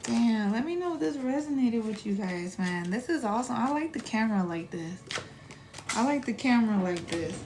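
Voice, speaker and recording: A woman in her thirties chatting casually on a live stream as a spiritual reader, animated and profane, with laughing asides. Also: fairly high pitch, moderate pace, a little hiss or hum.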